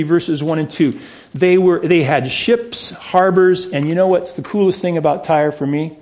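A man preaching from scripture in a voice that sits a little high. He moves between emphatic, urgent phrasing and quiet, reverent asides, walking listeners through a passage with earnest conviction. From United States. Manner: earnest, rising to emphatic, dropping to hushed awe. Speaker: pastor. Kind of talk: sermon.

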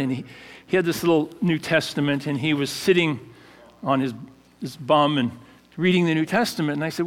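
A man pastor giving a conversational sermon, halting with fillers and restarts. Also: on the high side, a bit bright, big-room sound.

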